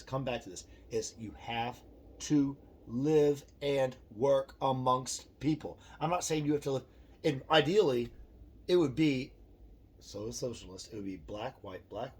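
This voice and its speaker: A man's voice: medium pitch, expressive, normal speed, a little mellow, breathy edge. A middle-aged man vlogging a rambling, profane opinion monologue with self-deprecating asides.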